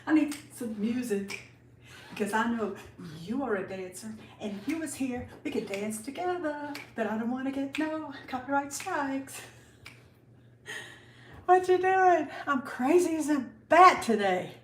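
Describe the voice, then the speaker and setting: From her home kitchen, an older woman hosts a livestream, casually greeting viewers by name while a little out of breath. Her high, expressive, fairly bright voice moves at normal speed, picked up from a distant mic in a reverberant space with slight background noise.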